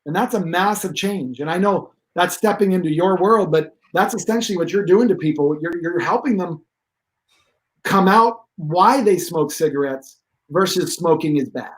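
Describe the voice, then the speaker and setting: A man with a fairly high voice tells long stories with real energy. He talks emphatically and wanders into asides as a guest expert on pain relief. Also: moderate pace, poor audio. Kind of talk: animated storytelling.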